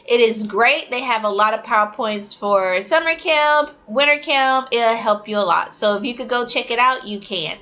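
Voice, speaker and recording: A woman's voice: on the high side, normal speed, hardly any pauses, muffled recording. A woman who teaches English to young learners, giving casual advice to new teachers and acting out classroom drills. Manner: animated, acts out classroom drills. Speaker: ESL teacher.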